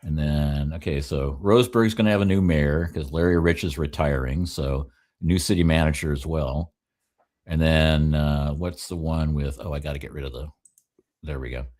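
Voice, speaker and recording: Very deep-voiced wry male panelist. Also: normal speed, a little mellow. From Oregon. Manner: wry, joking, laughs often. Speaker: regular panelist. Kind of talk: casual panel talk.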